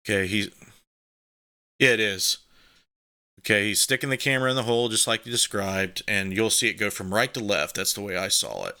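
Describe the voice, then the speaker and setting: A man's voice: fairly low pitch, expressive, fairly quick, bright, forceful tone. A man hosting a casual live stream, talking his guest and viewers through what he is doing on screen as he goes. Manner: talks while working the screen share. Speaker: show host.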